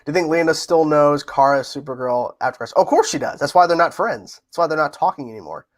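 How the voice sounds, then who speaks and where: Man, livestream host, casual chatter, fairly high voice, laughs a lot, repeats himself. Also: animated, fast. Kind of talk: casual livestream chat reading viewer questions.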